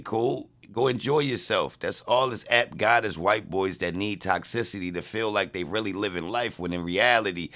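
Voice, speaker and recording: A man's voice: on the low side, a bit bright. A man rants on a casual livestream. He trash-talks and mocks the viewers in his chat.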